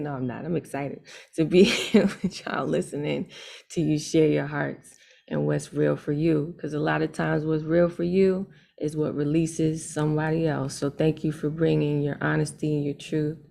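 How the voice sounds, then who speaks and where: Woman, American, low voice, gravelly, upbeat open mic host. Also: fairly even intonation, normal speed, warm tone. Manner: upbeat, playful slang. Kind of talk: hosting an online open mic.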